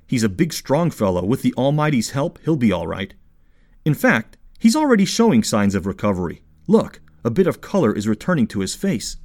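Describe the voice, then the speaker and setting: A kindly middle-aged rabbi in an audiobook, gentle and reassuring, as a man reads him. He soothes with an even, unhurried warmth and a lively rise and fall in pitch.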